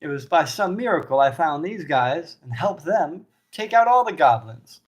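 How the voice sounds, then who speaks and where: Man playing a bragging young show-off, eager, self-important, higher voice. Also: big pitch swings, moderate pace, slightly rough. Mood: boastful. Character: boastful young man exaggerating his bravery.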